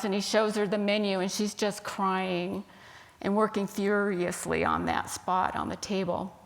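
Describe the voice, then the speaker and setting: A woman minister giving a sermon, telling a story in a gentle, unhurried way. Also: medium pitch, level tone, creaky.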